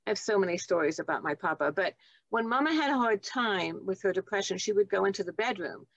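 A woman's voice: mid-range voice, lively intonation, fast, dry recording, muffled recording. A woman in her seventies, a guest on an interview show, telling reflective and heartfelt stories from her nursing life. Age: 70s. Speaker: guest, nurse and author. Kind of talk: storytelling interview.

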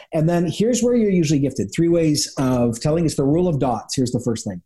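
A pastor talking as an interview guest, telling stories and acting out quick little voices of other people. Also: male voice, a little high. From Canada. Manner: animated storyteller, acts out quick voices of people. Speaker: pastor and author, podcast guest. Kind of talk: conversational interview.

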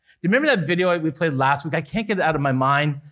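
High-voiced earnest man preaching. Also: animated, fast, a bit bright. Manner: earnest, rises and falls with emphasis, some restarts. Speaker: pastor. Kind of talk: sermon.

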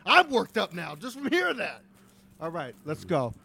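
A man's voice: high-pitched, huge pitch swings, normal speed, vocal fry, pushed and bright, breathy edge. Hyped man plugging merch. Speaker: podcast co-host. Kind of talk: casual podcast chat, merch plug.

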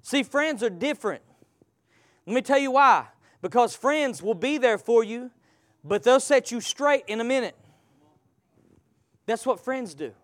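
A man preaching a live sermon. He draws the congregation in with call-and-response questions, swinging from loud passages to hushed ones. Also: very high voice, lively intonation, unhurried, pauses often, dry recording, clean studio sound.

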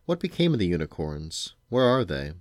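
A man's voice: deep voice, big pitch swings, moderate pace, darkish tone, no echo. Urgent, pushy woman done by a man reading aloud, raised, insistent storybook voice, dry sound. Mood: urgent pleading. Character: fierce, eager grown woman pleading with a cat.

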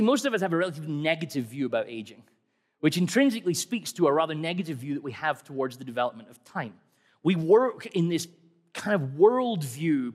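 A middle-aged man preaching a sermon in a conversational, wry way, asking many rhetorical questions. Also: a little high. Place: church hall. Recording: long hall reverb.

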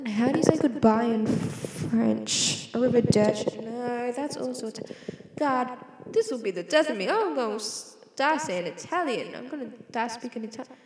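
A woman's voice: fairly high pitch, lively intonation, moderate pace, background noise. Rambling Australian young woman, echoey room. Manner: giggly, scattered, self-interrupting. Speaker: vlogger. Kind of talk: rambling casual monologue. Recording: echoey room with long reverb.

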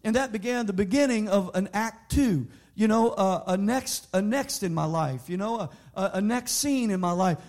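High-voiced man preaching a sermon. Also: moderate pace, few pauses. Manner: builds to loud, emphatic preaching. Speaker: pastor.

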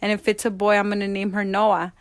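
A married woman telling a personal story as an interview guest, acting out quoted dialogue with animated voices. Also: mid-range voice, brisk, no echo. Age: adult, married.

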